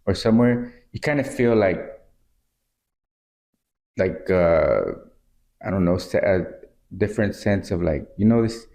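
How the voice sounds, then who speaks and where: A Texan man with a low, deep voice chatting casually as a podcast co-host. He speaks in a laid-back, halting way, feeling for his words. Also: a little mellow. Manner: laid-back, hesitant, lots of fillers and agreement. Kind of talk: casual chat.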